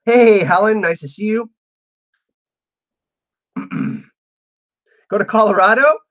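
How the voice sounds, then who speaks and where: A man's voice: high-pitched, takes it slowly, fairly bright tone, highs cut off. A man hosting a casual livestream, chatting with viewers and reading out their messages, laughing often. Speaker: livestream host.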